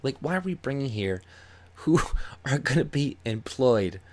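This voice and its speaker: A man's voice: medium pitch, animated, unhurried, a little mellow. Angry profane man ranting. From Canada. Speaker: YouTube commentator. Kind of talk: ranting commentary over a news article.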